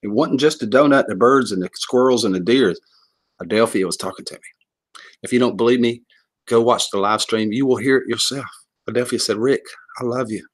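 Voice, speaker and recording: A man's voice: mid-range voice, fairly quick. A man hosting a casual livestream, joking, laughing often and rambling as he greets viewers and reads comments. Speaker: livestream host.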